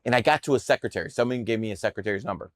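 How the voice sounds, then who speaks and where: A podcast guest with a lowish voice races through stories in a casual interview, coming across brash, boastful and profane. The studio-quality recording has no echo.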